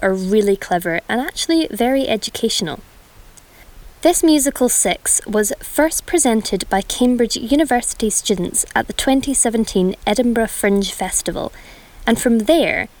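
A woman's voice: a little high, lively intonation, moderate pace, low-quality recording. A woman hosting a radio show, chatting about a musical and reading a rhyming poem aloud. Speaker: radio host.

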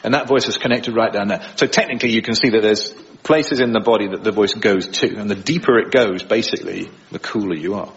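A man's voice: lowish voice, fast talker, few pauses, lo-fi sound. A man, an impressionist, chatting in a radio studio interview, laughing often as he talks. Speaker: impressionist guest. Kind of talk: conversational interview.

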